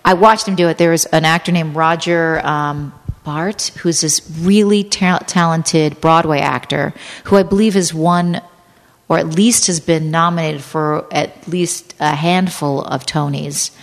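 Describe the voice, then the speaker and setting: A woman actress and podcast guest with a lowish voice tells blunt, profane, self-deprecating stories, full of "like" and restarts. A long reverb trails each phrase. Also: fairly even intonation, measured pace. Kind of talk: candid podcast storytelling.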